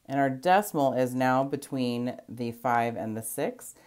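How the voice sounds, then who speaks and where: A woman's voice: very deep voice, unhurried, darkish tone. A woman teacher explaining a math lesson patiently, step by step, counting places aloud.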